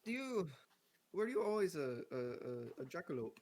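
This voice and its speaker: A man's voice: fairly high pitch, big pitch swings, moderate pace, darkish tone, no echo, clean studio sound. A man role-playing his character in a tabletop game, asking playful, curious questions. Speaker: player.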